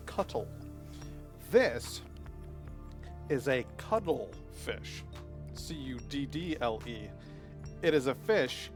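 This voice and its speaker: A man live-streaming a video game, chatting playfully with viewers and cooing at the creatures on screen. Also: medium pitch. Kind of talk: casual live-stream chat while playing.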